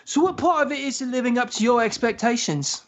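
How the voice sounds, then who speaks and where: A man's voice: very high-pitched, brisk, voice pushed up. A man reading the part of a tense, stubborn teenage boy wizard hero in a podcast read-through, defensive and clipped.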